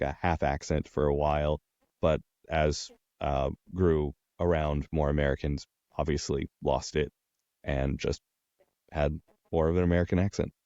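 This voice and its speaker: A man's voice: a bass voice, warm tone, no room sound, lo-fi sound. A man, an audiobook narrator from Texas, chatting in an interview with many ums and uhs. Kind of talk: casual interview chat.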